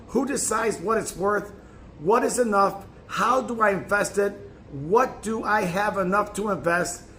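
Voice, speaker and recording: A man's voice: high-pitched, fairly bright tone, slight background noise. A man reading a self-help booklet aloud in an emphatic tone, now and then stumbling and restarting a phrase. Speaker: narrator.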